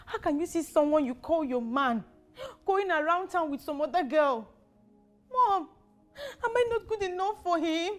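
A woman's voice: extremely high pitch, lively intonation, moderate pace, faint music behind. A woman playing a heartbroken young wife who is crying and pleading with her mother. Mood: tearful pleading. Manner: tearful, pleading.

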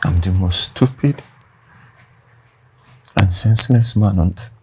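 A man's voice: fairly low pitch, unhurried, a little hiss or hum, close to an everyday voice. An actor playing a remorseful husband who pleads, often in a whisper, for his wife's forgiveness. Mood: pleading. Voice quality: creaky. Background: music.

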